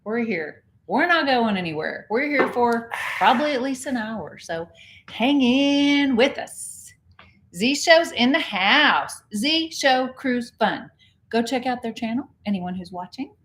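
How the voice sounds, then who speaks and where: A woman's voice: a little high, expressive, a little slow, fairly bright tone, a little hiss or hum. Chatty Texan woman hosting a livestream. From Texas. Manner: chatty, reads out viewer comments and greets them. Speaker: co-host of a cruise channel livestream. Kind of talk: casual livestream chat.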